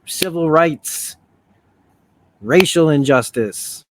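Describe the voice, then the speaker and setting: A man's voice: fairly high pitch, expressive, extremely slow, no echo. Rambling, profane man reviewing a series. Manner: rambling, profane, with self-correcting restarts. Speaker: video essay host. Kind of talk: casual review commentary.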